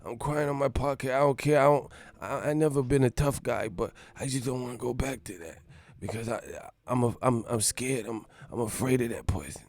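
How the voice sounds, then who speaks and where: A man putting on an impression of a famous heavyweight boxer, who talks softly, stammers and threatens. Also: mid-range voice, fairly even intonation, moderate pace, no echo, lightly acted. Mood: tearful. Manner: soft-spoken, stammering, menacing.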